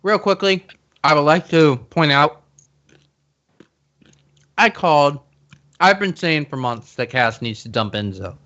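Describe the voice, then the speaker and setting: A man co-hosting a casual wrestling chat, opinionated and quick to cut in with his own points. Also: on the high side, animated, fairly bright tone, dull audio. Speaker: podcast co-host.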